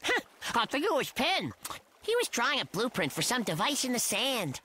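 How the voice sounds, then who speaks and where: A woman's voice: on the high side, huge pitch swings, moderate pace. A woman playing a playful, cheeky cartoon animal who talks in a teasing, giggly way in a cartoon dub with music behind. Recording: studio dub over music.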